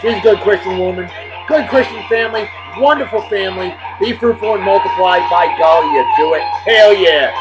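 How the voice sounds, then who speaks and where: Boisterous high-voiced man hosting shout-outs. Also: fairly quick. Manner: boisterous and jokey, swinging between loud bursts and low asides. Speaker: host of a daily beer and music video show. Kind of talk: casual rambling shout-outs to viewers. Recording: dull lo-fi video with music underneath.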